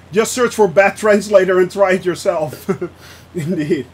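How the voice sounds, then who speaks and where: High-voiced, giggly male streamer. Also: unhurried, husky. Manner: laughs often, reacts to chat. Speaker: flight sim streamer. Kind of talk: casual live-stream chat.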